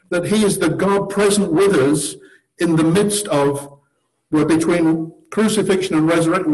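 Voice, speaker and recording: A man's voice: fairly high pitch, darkish tone, low-quality recording. A man giving a conversational sermon to a seated group, earnest and posing rhetorical questions with wry humor. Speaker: church teacher leading table discussion.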